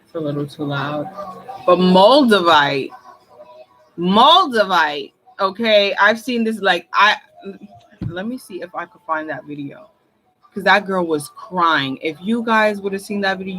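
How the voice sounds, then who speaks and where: A woman's voice: on the low side, normal speed, fairly bright tone, low-quality recording. A woman hosting her channel, chatting casually to viewers in a rambling way, full of "like" and laughs. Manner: rambling, repeats "like", laughs often. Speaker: intuitive reader and channel host.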